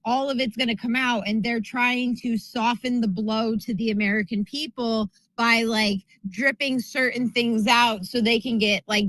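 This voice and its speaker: A woman co-host whose slightly high voice sits close and dry on the mic. She rants in rapid bursts, punctuating nearly every point with "right?". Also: fairly bright tone, no room sound, poor audio. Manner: rapid ranting, keeps asking "right?". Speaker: podcast co-host. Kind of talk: casual political talk.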